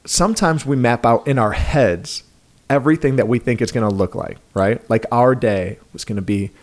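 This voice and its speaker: A man's voice: medium pitch, normal speed. A middle-aged man with a New York accent, co-hosting a marriage podcast in a casual, joking storytelling way. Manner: storytelling, joking, animated asides. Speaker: podcast co-host. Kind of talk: casual chat.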